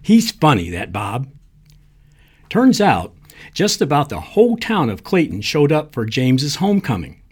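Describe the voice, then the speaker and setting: A man narrating a short story aloud in a lively storytelling manner, giving the characters their lines. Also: on the high side, a little slow, husky. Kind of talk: reading short fiction aloud.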